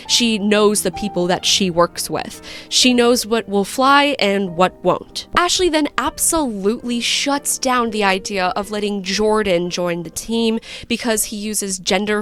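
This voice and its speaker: A woman giving casual video-essay commentary in a frank, profane and animated way. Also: mid-range voice.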